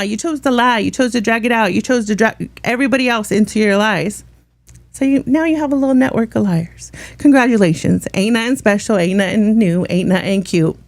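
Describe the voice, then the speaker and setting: A blunt, foul-mouthed woman vlogger rants in a casual, sassy way, her voice a little strained. Her voice sits on the higher side. The sound is dry and close, with no room echo. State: struggling voice, hard to talk. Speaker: drama commentary vlogger. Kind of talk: casual ranting commentary.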